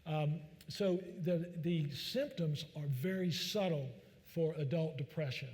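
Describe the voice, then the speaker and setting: This doctor's voice sits on the high side with a darkish tone, and he speaks a little slowly. His joking, folksy talk, heavy with fillers, is given publicly in a large church hall that lends it a long reverb.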